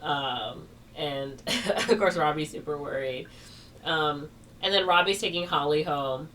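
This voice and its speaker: A woman with a low voice rambles through a casual retelling and fills it with "like" and "or whatever". She sits a little back from the mic, and a faint hiss of noise stays under her voice. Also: measured pace, a bit bright, far from the mic. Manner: rambling, heavy on fillers like "like" and "or whatever". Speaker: podcast co-host.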